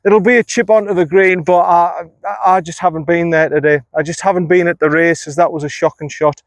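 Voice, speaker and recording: A man's voice: high-pitched, fairly even intonation, brisk, dry recording. A man giving running commentary while playing alone on an outdoor golf course, talking to himself and criticizing his own shots, recorded on a phone camera. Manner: self-critical, talks to himself. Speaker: golf vlogger.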